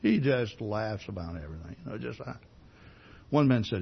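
A man's voice: fairly low pitch, expressive, moderate pace, creaky, muffled recording. A man preaching a sermon in a conversational way, asking many rhetorical questions and often repeating words as he starts a sentence. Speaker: pastor.

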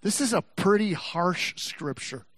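A high-voiced man from Texas delivers a sermon at an unhurried pace. He preaches in a folksy, rambling way, circling back and restarting his sentences. The sound is dry and close. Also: lively intonation, fairly bright tone, dry recording. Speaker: pastor.

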